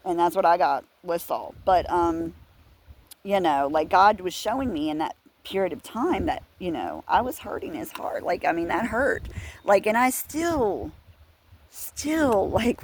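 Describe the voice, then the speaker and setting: A woman giving a casual personal testimony, earnest and confessional, rambling with restarts and bursts of laughter. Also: mid-range voice. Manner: rambling, full of fillers and restarts, breaks into laughs. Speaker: Christian speaker sharing her testimony.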